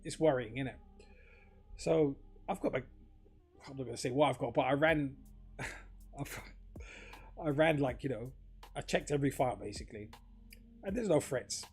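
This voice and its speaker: A man's voice: medium pitch, lively intonation, moderate pace, pauses often, breathy edge. Rambling man with loose filler-heavy talk. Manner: rambling, swears freely, heavy filler words. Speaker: crypto vlogger. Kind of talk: casual rambling monologue.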